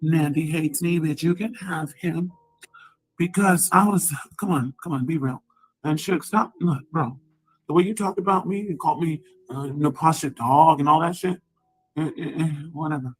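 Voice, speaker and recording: Husky woman, livestream rant, cursing, combative, flares up loud. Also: sits low, moderate pace. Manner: profane, combative, sudden loud outbursts. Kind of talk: ranting livestream monologue.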